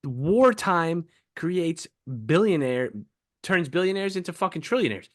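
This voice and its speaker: Podcast guy going off, cursing a lot, pitch jumping all over, dry close sound. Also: expressive, measured pace, no room sound. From United States. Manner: heated, profane, ranting. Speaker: podcast co-host. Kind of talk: casual chat.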